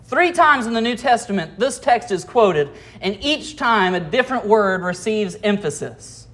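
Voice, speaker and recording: Speaking at a medium pitch, this pastor works through scripture verse by verse: reading a passage, unpacking it, and tossing rhetorical questions to the listeners. The tone is animated and slightly bright, though the pace stays unhurried.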